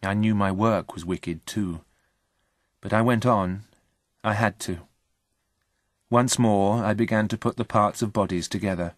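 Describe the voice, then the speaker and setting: A man reading a story aloud in a slow, plain and steady way. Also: on the low side, no echo, studio quality. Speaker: reader. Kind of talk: scripted story narration.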